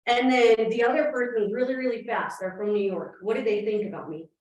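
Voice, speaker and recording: Woman running a real estate training, talks quick, kinda high voice, super echoey room picked up from far off. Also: dull audio, slight background noise. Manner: fast-talking, energetic, asks the room questions. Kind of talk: live training presentation. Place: meeting room with audience.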